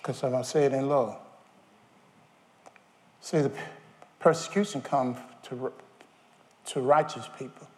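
A man's voice: medium pitch, creaky, darkish tone. A man preaching a sermon, firing questions at his congregation. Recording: long hall reverb.

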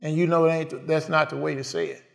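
A man's voice: on the high side, big pitch swings, fast, gravelly. A man preaching a sermon in a call-and-response way, asking the congregation questions and answering them.

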